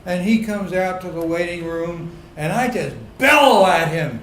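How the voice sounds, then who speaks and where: A middle-aged man telling a comic personal story on a pub stage to a live audience, building to loud indignant outbursts. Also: high-pitched, expressive, normal speed, hardly any pauses, echoey room, a little hiss or hum, rough recording.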